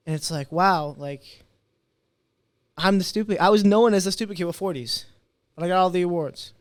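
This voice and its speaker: A man's voice: a little high, normal speed, dry recording. A man in his twenties, a podcast guest, telling his story in casual talk and acting out the quotes. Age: 20s. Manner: animated storyteller, acts out quotes.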